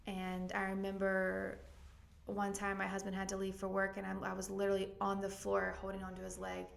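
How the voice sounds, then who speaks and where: Gravelly-voiced woman sharing an emotional testimony. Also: mid-range voice, monotone, brisk. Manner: earnest, emotional, frequent ums and likes. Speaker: pastor and guest. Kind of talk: candid personal testimony in a podcast interview. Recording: echoey room.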